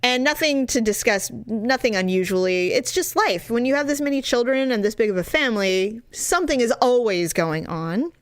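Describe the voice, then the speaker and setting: A woman co-hosting a podcast, telling a story in an animated, frank way with casual swearing. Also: fairly high pitch, normal speed, few pauses, dry recording, studio quality. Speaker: podcast co-host. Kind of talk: casual chat.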